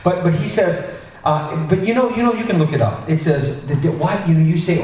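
A male pastor preaching a sermon in a conversational, animated way, with asides and restarts. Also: fairly high pitch, fairly quick, slight background noise. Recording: echoey hall, distant mic.

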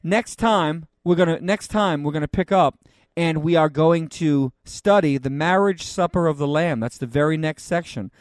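Teaching the Bible verse by verse, a pastor keeps things conversational, tossing in joking asides and reading scripture loudly and emphatically. His voice is fairly high and he talks at normal speed with few pauses. The studio sound is clean and dry.

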